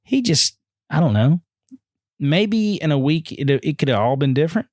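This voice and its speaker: A man telling a story on a podcast, animated and acting out the voices of the people in it. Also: normal speed, no room sound, studio quality. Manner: animated, acts out quoted voices with big pitch jumps. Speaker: podcast guest. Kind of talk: casual storytelling.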